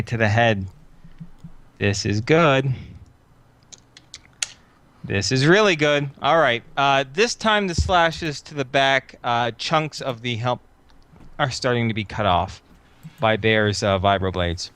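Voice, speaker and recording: A man narrating a tabletop game as game master, thinking aloud with frequent filler pauses. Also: medium pitch, a bit bright, clean tone.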